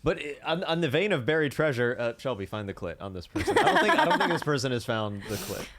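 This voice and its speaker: A man co-hosting a casual podcast, his pitch jumping all over. He is excitable and jokey. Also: quick pace. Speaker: podcast co-host.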